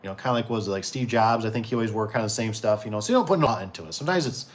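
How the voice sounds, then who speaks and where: Very fast and animated, a man with a voice on the low side hosts a casual livestream for his door and gate business. In his forties, he reads out viewer comments and rambles freely, full of fillers and restarts.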